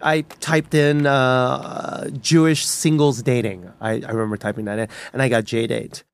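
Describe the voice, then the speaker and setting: A man's voice: mid-range voice, unhurried, vocal fry, clean tone, dry recording. Man from telling his story. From New York City. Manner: animated, acts out voices in his story. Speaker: storyteller guest. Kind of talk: personal storytelling.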